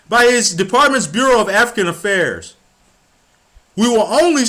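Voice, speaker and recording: An American political commentator goes on an angry, profane political rant in a high, animated voice that sounds pushed and bright, moving a little fast. The more worked up he gets, the more he stumbles and restarts his sentences.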